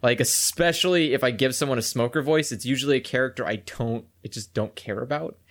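A man's voice: medium pitch, fairly quick. A man who voices game characters, chatting casually and laughing often. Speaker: game voice performer. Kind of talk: casual podcast chat.

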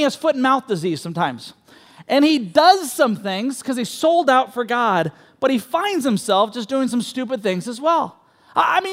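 High-voiced pastor preaching in a reverberant hall. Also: male voice. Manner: animated, acts out quoted voices, many restarts. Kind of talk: sermon.

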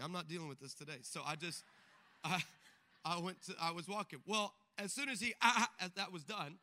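A man's voice: high-pitched, pushed and bright. A male pastor preaching a sermon, mixing emphatic exhortation with comic stories where he acts out the voices of the people in them. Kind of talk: sermon with humorous storytelling.

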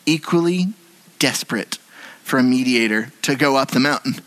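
A man preaching a sermon as pastor in a church, moving between hushed and animated delivery. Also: mid-range voice, normal speed, rough recording. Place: church sanctuary.

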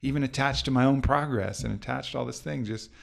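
A man's voice: mid-range voice, fast, gravelly. A man hosting a podcast, talking in an earnest, philosophical way with casual swearing. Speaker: podcast host. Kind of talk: casual conversation.

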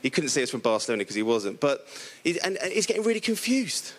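A middle-aged man from the area delivers a lively sermon in a fairly high voice. He tells the story with playful humour, jumping into different characters' voices. His delivery swings between quiet asides and excited bursts. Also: fast. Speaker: preacher.

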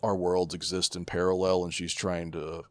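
A man's voice: low-pitched, little pitch movement, moderate pace, clear, resonant tone, no echo. A man co-hosting a book club podcast, talking in a laid-back, agreeable way with casual swearing.

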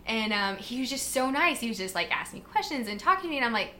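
A woman guest on a podcast, chatting casually as a fitness and nutrition coach. She tells stories in an animated way, full of fillers and acted-out quotes. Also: on the high side, quick pace, a little hiss or hum. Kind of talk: casual interview chat.

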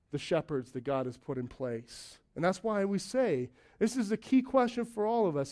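A man's voice: high-pitched, expressive, moderate pace, hardly any pauses, a little mellow. A man who leads a young church, preaching in a conversational way with joking asides. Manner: conversational, joking asides, acts out quoted voices. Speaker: lead elder of a church plant. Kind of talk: sermon.

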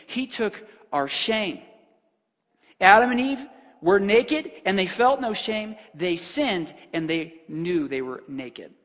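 A man's voice: high voice, a bit bright, long reverb tail. A man preaching a sermon, emphatic and conversational, often breaking off and restarting his sentences. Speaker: pastor.

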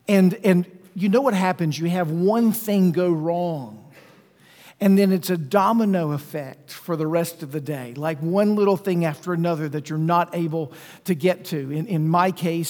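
A man preaching a sermon, praying and then telling a personal story in a relaxed way with frequent restarts. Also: high voice. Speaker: pastor. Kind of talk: sermon with prayer and personal anecdote. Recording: long reverb of a large hall.

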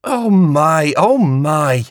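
A man voicing an excitable, flustered young society lady in an audiobook. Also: high voice, slow, slightly rough, no room sound, clean studio sound, voice pushed up, heavily acted. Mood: excited.

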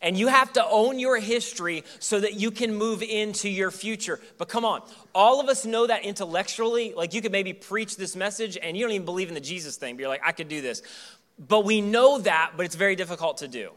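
A pastor in his thirties preaches in a church, telling stories in a loose, joking way. His voice sits high for a man and rings bright and forceful. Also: brisk, few pauses. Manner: casual, joking storytelling. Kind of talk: sermon.

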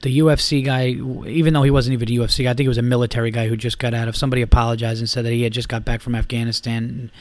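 A man's voice: mid-range voice, level tone, racing, few pauses, darkish tone, dry recording. A man hosting a podcast and telling a bar story in a casual, rambling way, swearing often. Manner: profane, rambling, lots of fillers and restarts. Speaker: podcast host.

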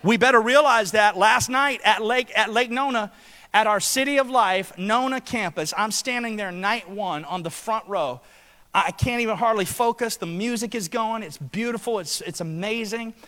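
A man, preaching a sermon in a church. He swings between loud, impassioned exhortation and hushed storytelling. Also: sits high, moderate pace, in a large hall. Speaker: pastor.

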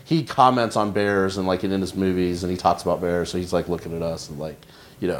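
A man's voice: sits low, steady tone, a little fast. A man in his forties, a comedian guest, telling stories in casual podcast chat, rambling with lots of fillers and restarts. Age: 40s. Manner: rambling, filler-heavy storytelling.

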